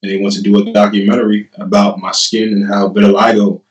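A man's voice: lowish voice, fast talker. A young man in his twenties, a guest casually telling a story and often acting out what he said and what others said. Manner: animated, laughing retelling with lots of "I'm like". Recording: roomy and a bit distant from the mic.

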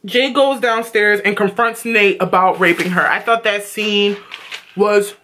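Blunt, bright-voiced woman vlogger. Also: mid-range voice, a little slow, slight background noise. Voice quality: flat tone that sounds sarcastic. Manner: blunt and profane, animated retelling. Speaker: TV episode reviewer. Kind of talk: casual vlog review.

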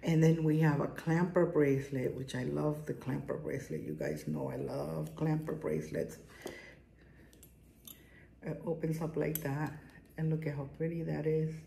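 A woman's voice: low voice, animated, moderate pace, vocal fry, dark tone. A middle-aged woman with a strong accent, chatting casually and enthusiastically as she shows jewelry in her home garage. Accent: strong non-native accent. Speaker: jewelry vlogger. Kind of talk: casual haul vlog. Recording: echoey room, faint noise.

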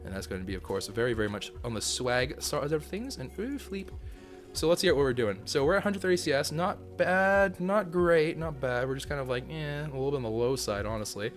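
A man giving casual, goofy commentary on his own gameplay as a channel host, often breaking into sudden high yelps and shouts. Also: fairly quick, hardly any pauses, soft background music.

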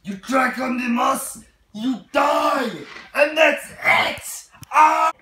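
A man's voice: on the high side, takes it slowly, creaky, roomy sound, slight background noise, exaggerated voice. A man playing an unhinged Icelandic park ranger. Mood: raging. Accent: put-on Icelandic. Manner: broken English, erupts into shouting.

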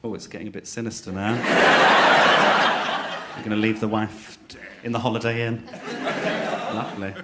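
Man, stand-up comedian, teasing, on stage, handheld mic, loud noisy live club recording. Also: lowish voice, little pitch movement, a little slow, long pauses. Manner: cheeky, teasing, swings between shrieks and mutters. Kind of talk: live stand-up with crowd work.

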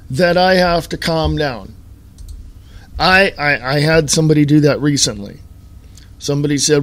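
A man hosting his own podcast in a talk-radio monologue style, hammering points home with slow, stressed words and repeats. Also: fairly high pitch, steady tone. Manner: emphatic, repetitive, slowed stress on key words. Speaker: podcast host.

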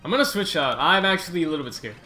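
A man giving casual, rambling gameplay commentary as host of his gaming channel, excitable and quick to groan and swear at the game. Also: fairly high pitch, soft background music.

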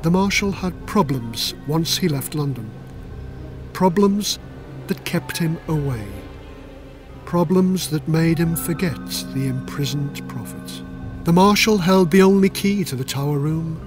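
A man's voice: on the high side, measured pace, music in the background. An older man reading his own children's history book aloud in a playful, dramatic storytelling manner. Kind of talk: audiobook narration for children.

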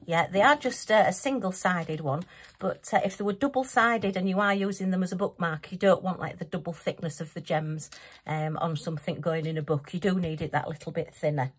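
A woman's voice: on the low side, fairly quick, slightly rough. A woman hosting a craft channel, chatting through a casual unboxing review, giggly and poking fun at herself. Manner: chatty, giggly and self-mocking.

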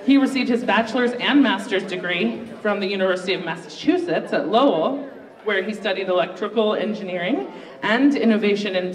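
A host running a live student pitch contest in a university library event room. The host is chatty and upbeat and pokes fun at their own slip-ups. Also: lively intonation, normal speed, recorded from a distance. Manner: upbeat, chatty, self-mocking. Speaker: game show host. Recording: roomy, echoey room recorded from afar.

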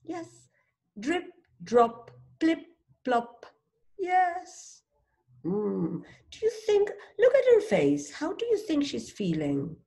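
A woman teaching a child to read, sounding out letters one by one and gently encouraging with prompts and questions. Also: sits high, wildly swooping pitch, takes it slowly, gravelly. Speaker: reading teacher. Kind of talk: phonics read-along lesson for a child.

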